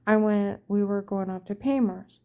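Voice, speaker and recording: A woman's voice: mid-range voice, steady tone, normal speed, phone-quality sound. A middle-aged woman telling a rambling personal story in an aggrieved, indignant way. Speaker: vlogger.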